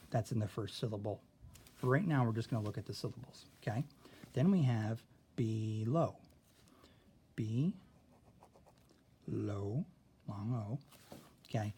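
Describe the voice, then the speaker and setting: Male teacher, warm low-key voice, patient classroom explainer, faint hiss on the recording. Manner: patient, explains step by step, checks in with "okay?". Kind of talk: classroom phonics lesson.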